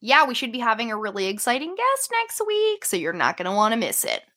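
Woman co-host, bright tone, giggly, animated storyteller. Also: a little high, fast. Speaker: podcast co-host. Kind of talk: casual chat.

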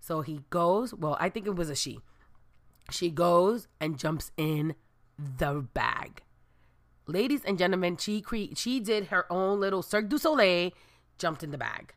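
A woman telling a comic personal anecdote, animated and expressive, breaking into shrieks and Spanish exclamations. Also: lowish voice, a little slow. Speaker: storyteller.

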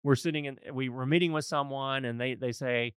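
A man's voice: medium pitch, steady tone, a little fast, clear, resonant tone, no room sound, studio quality. A man hosting a podcast as a financial advisor, talking in a folksy, earnest and emphatic way. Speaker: financial advisor and show host. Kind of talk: conversational podcast discussion.

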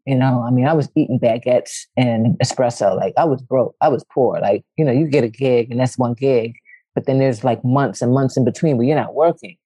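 Slightly rough and a little fast on a dry recording, this woman is a West Philadelphia poet and actress talking candidly as a guest. She mimics quotes with big vocal leaps, stays animated, and swears casually.

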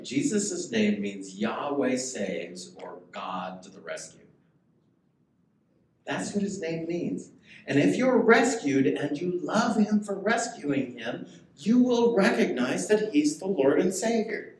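Lively conversational male pastor preaching. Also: medium pitch, measured pace, slight background noise. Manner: conversational, asks the congregation questions. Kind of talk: sermon. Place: church sanctuary. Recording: echoey church room, faint ambience.

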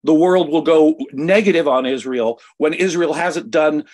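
An American man giving emotional, emphatic political commentary as a guest, his pitch swinging sharply as he talks. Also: measured pace, darkish tone. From United States.

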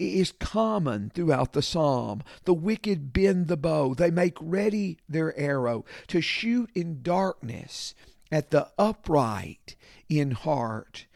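A man preaches with a heavily gravelly, creaky voice pitched a little high. He takes his time, moving slowly and deliberately through scripture and repeating key lines for emphasis. The sound is close and dry. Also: a little mellow, dry recording. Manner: slow, deliberate expository preaching with emphatic repetition. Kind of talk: sermon.

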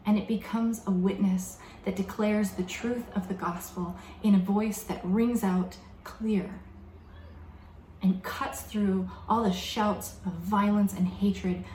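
A woman delivers a sermon at a medium pitch, reflective and measured, slowing down on the words she wants to stress. Her voice carries around an echoey room. A faint background ambience sits under her voice. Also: warm tone, a little hiss or hum. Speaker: preacher.

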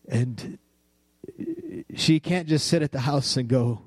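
A male pastor delivering a sermon, moving easily between jokey anecdotes and earnest appeals to his listeners. His voice sits at an ordinary medium pitch and sounds dry and close. He talks directly and conversationally, checking in with his listeners as he goes. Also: slow pace, no echo. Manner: playful storytelling with animated voices, then earnest preaching.

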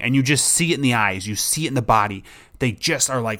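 A man's voice: mid-range voice, fast. Casual rambling man hosting a podcast. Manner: rambling, relaxed, acts out excited dog voices. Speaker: podcast host and dog trainer. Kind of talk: casual solo podcast talk.

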